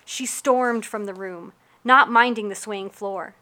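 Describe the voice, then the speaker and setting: A woman reading a first-person adventure story aloud with lively, wry storytelling. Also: mid-range voice, measured pace. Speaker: audiobook narrator.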